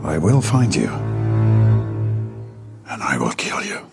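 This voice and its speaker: A menacing movie villain, growling slow threats in a very deep, gravelly voice. The pitch swoops low and dramatic through a voice effect. Loud ominous strings play underneath. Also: male voice, sing-song, exaggerated voice. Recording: ominous music behind.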